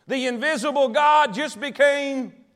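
A man preaches in an unusually high voice. He tells homespun stories, repeats his phrases for emphasis and speaks straight to his congregation. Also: a little slow, a bit bright. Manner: storytelling, talks directly to the congregation. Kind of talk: sermon.

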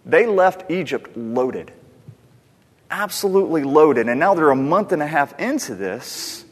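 A man preaching a sermon as pastor, conversational and animated, asking rhetorical questions of the congregation. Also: on the high side, unhurried, breathy edge, long reverb tail.

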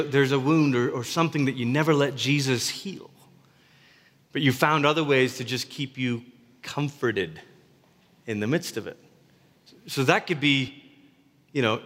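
A man's voice: a little high, a bit bright. A man preaching a sermon as a pastor, earnest and conversational, often restarting his words. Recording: reverberant hall.

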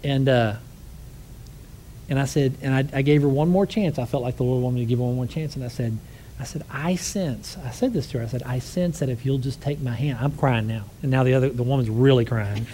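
A man's voice: medium pitch, a little fast, warm tone, slight background noise, low-quality recording. A man preaching to a congregation, telling a personal story in a conversational way and closing in prayer. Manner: conversational storytelling, acts out quoted voices.

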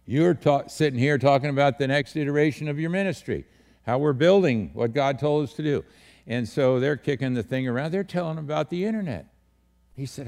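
A man's voice: a little high, a little fast, creaky, a little mellow. A man, a pastor teaching a leadership session to a small group, direct and full of questions, repeating his key words. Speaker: pastor leading a leadership training.

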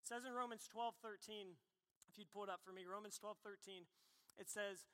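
A man preaching a sermon, telling personal stories and acting out his younger self in an animated way. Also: high-pitched, brisk, smooth. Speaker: pastor. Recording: long hall reverb.

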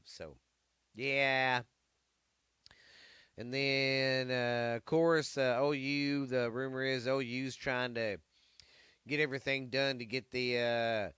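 Bright, profane sports-talk man. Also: mid-range voice, clean tone, dry recording, studio quality. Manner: rambling, profane. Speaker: podcast host. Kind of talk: casual sports chat.

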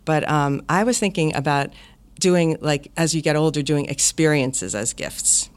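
A woman's voice: low voice, measured pace, smooth. A middle-aged woman co-hosting a podcast, chatting casually and giggling through her stories. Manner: giggly, chatty, animated storyteller. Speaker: podcast co-host, mother. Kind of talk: casual family chat.

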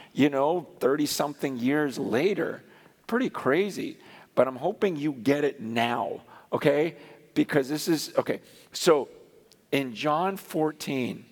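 A middle-aged man preaching a sermon in a conversational, animated way, acting out the voices he quotes. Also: medium pitch. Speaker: pastor. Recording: long hall reverb.

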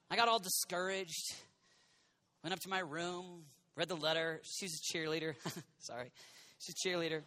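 A young American man preaching a sermon with passion, shouting out lines and then dropping to a soft, confiding voice. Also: a little high, moderate pace, long pauses, no echo. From United States.

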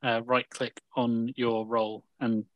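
A man's voice: medium pitch, level tone, unhurried, no room sound, dull audio. A man playing a tabletop game over a voice call, chatting casually and explaining the rules. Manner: rules-minded, explaining mechanics. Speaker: player. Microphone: home mic on a voice call.

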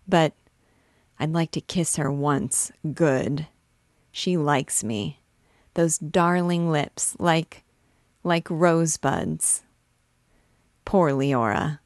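A woman's voice: low-pitched, dry recording, clean studio sound. A woman reading the part of an idealistic, cranky young male doctor from a novel, muttering and exasperated.

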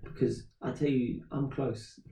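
A young man, telling a story in animated, slangy casual chat. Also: medium pitch, unhurried, vocal fry, distant mic. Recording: roomy echo, a bit off-mic.

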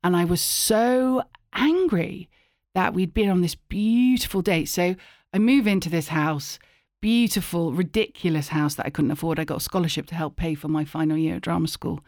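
A woman's voice: fairly low pitch, moderate pace, no room sound, clean studio sound. A woman, a guest in an interview, telling a story animatedly and acting out the voices. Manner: animated, acts out voices in anecdotes. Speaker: guest, actor and writer.

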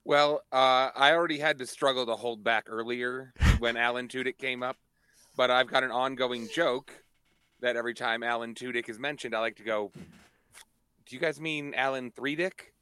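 Hombre de voz nítida y clara. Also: male voice, mid-range voice, fairly even intonation, moderate pace, bright, forceful tone, smooth, no room sound. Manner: self-deprecating, joking. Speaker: podcast co-host. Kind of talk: casual podcast chat.

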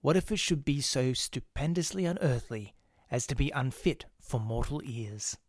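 A man's voice: medium pitch, expressive, moderate pace, no echo, studio quality, lightly acted. A man voicing an obsessed, secretive organist. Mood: awed hushed. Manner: hushed, urgent, occasionally pettish. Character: obsessed male church organist, intense and secretive.

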